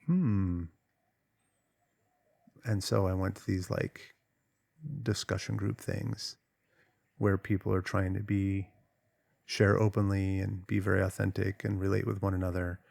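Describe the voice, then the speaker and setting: Low gravelly man in a dry room. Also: normal speed, no room sound. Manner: animated, emphatic, acts out quoted voices. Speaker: coach. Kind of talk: casual talk to camera.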